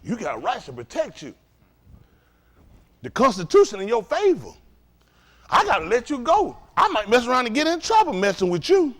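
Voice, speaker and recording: A man preaching a fiery lesson, his voice sitting high and leaping around with animated swings. He is profane and provocative, peppering the room with rhetorical questions. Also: moderate pace, long pauses. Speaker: teacher of a religious study group.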